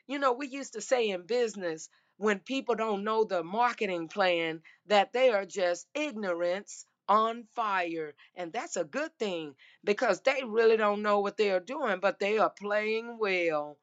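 Woman, sports podcast host, unhurried, hoarse, emphatic, dull muffled audio. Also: mid-range voice. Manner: emphatic, repeats "I'm telling you" and "baby". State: losing her voice. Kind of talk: casual sports talk.

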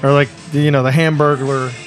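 A man co-hosting a casual podcast from a pub booth, rambling through stories and quoting people in animated voices. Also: on the high side, fairly quick, faint music behind. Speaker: podcast co-host. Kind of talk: casual chat.

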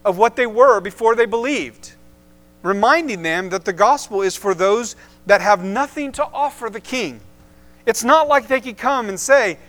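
A man preaching from a pulpit with a slightly high voice. He leans hard on key words and lets dramatic pauses hang between phrases. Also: fairly bright tone. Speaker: pastor. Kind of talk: sermon.

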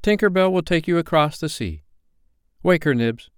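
Casting: man playing a bossy storybook boy chief, raised pitch, clipped orders, voice swinging widely. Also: expressive, moderate pace, a little mellow, smooth, no echo, clean studio sound, lightly acted. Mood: commanding. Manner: commanding, clipped delivery. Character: proud boy leader who never grows up.

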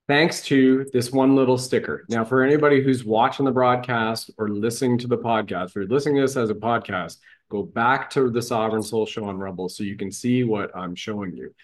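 A man hosting a podcast interview, effusive and full of praise, often restarting his sentences. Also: mid-range voice. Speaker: show host.

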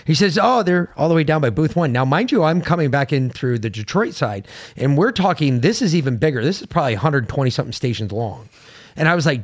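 A man's voice: fairly high pitch, sing-song, fast. A man from the United States co-hosting a podcast, telling a story in a brash, profane, casual way and mimicking others' voices. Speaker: podcast co-host.

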